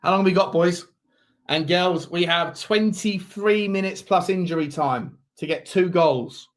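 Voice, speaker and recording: A man hosting a live football watchalong, calling the match and chatting to viewers, with sudden loud shouts when chances come. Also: high voice, unhurried. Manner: excitable, shouts at big chances, chats to viewers.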